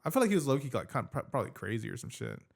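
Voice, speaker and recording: Podcast host, man, quick and slangy, animated casual storyteller. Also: medium pitch, vocal fry. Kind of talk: casual chat.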